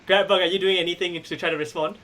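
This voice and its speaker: A man narrating as game master of a tabletop wrestling game, playful and quick to laugh as he describes the moves. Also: high-pitched, fairly even intonation, pushed and bright.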